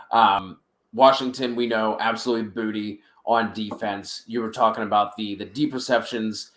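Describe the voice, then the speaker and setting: In an echoey room, a lower-voiced man talks casually on the sports betting podcast he co-hosts. As the stats pour out, he stumbles and repeats his words.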